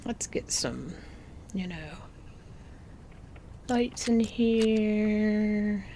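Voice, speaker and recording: A woman talks her way through a building game in a slow, easygoing way, her voice pitched in an ordinary middle range. She coos at the animals on screen and now and then sinks to a soft near-whisper. Faint noise hums under the recording. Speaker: gaming video creator. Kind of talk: casual gameplay commentary.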